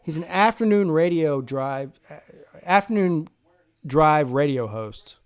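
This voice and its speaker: A man's voice: fairly high pitch, animated, a little slow, clean tone. Brash, joking man hosting a live stream. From South Carolina. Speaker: host of a live draft stream. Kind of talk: casual live-stream commentary.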